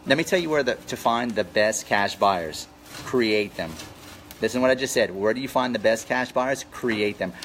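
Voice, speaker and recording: A man's voice: medium pitch, fairly quick, hardly any pauses, a bit bright, slight background noise, low-quality recording. A man coaching real estate wholesalers in a live Q&A, talking energetically and repeating his key points for emphasis. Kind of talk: live Q&A with viewers.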